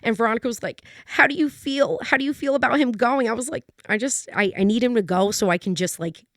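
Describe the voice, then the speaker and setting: Lively young woman telling a story. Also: fairly high pitch, fast, dry recording, studio quality. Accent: New England American. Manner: animated, laughing often, acts out quotes. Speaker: guest, dog trainer. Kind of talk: casual storytelling chat.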